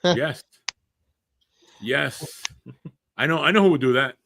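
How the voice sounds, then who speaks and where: A man co-hosting a casual wrestling podcast, chatty and quick to laugh, leading each segment. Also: on the high side, a bit bright, a little hiss or hum. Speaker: podcast co-host. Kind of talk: casual wrestling predictions chat.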